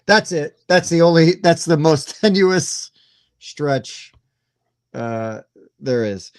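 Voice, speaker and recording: Jokey man with a slightly high voice. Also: dry recording, clean studio sound. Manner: lively, joking, quick asides. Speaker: panelist on a live whiskey and board game show. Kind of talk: casual chat.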